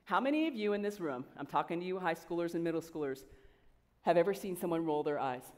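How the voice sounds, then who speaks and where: A woman coach giving an energetic motivational speech to students, talking conversationally and quizzing the audience. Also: lowish voice, fast talker. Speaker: coach and guest speaker. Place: large event hall with an audience. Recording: long hall reverb.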